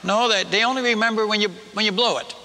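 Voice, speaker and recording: A man preaching a storytelling sermon as a missionary, halting and self-mocking, often stumbling and repeating his words. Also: high voice, steady tone, sharp tone, big-room sound.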